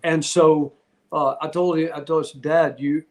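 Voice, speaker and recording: Middle-aged man, podcast guest; candid, rambling storyteller with a slightly high voice. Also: little pitch movement, unhurried, darkish tone. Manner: candid, rambling, heartfelt, with frequent restarts. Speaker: podcast guest, retired wrestler. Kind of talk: casual interview storytelling.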